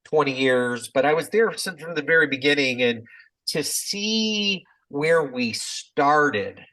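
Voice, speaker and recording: A man in his fifties, a physician and business executive, telling his story in a relaxed interview, reflective and rambling with many fillers and restarts. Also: fairly high pitch, takes it slowly, rough recording.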